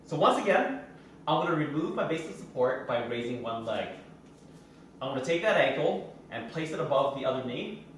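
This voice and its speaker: A man's voice: mid-range voice, lively intonation, moderate pace, a little hiss or hum. A man as a fitness trainer, explaining each exercise step by step while he demonstrates it in a gym. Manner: instructive, explains while doing the moves. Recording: very echoey room heard from a distance.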